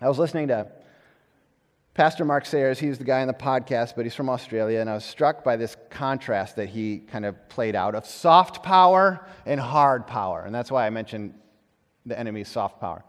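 A male pastor giving a conversational, animated sermon, often repeating words as he restarts. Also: medium pitch, normal speed. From United States. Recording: long hall reverb.

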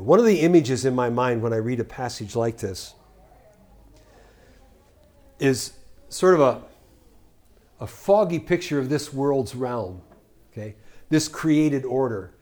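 A man's voice: mid-range voice, expressive, measured pace, long pauses. Older male preacher teaching scripture. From United States. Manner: earnest, rhetorical questions, swings between loud scripture reading and quiet asides. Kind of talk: sermon Bible teaching.

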